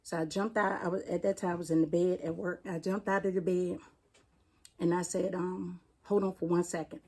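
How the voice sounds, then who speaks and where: Mellow-voiced D.C. woman recounting her loss. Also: on the low side, little pitch movement. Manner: plainspoken, halting, retelling a painful loss. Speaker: interview guest, firefighter. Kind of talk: personal storytelling in an interview.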